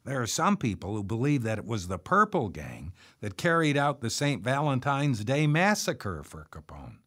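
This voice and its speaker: A man voicing a chatty bearded male neighbor who talks on and on, in a raised, lively voice. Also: mid-range voice, moderate pace. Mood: rambling. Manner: excited rambling talker. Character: chatty bearded middle-aged male neighbor, eager tour guide.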